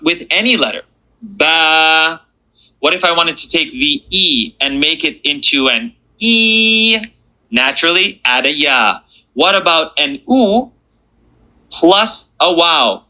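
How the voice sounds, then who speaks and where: Bright-voiced encouraging male teacher. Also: on the high side, poor audio. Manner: patient, encouraging, slows down to repeat sounds. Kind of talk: beginner language lesson.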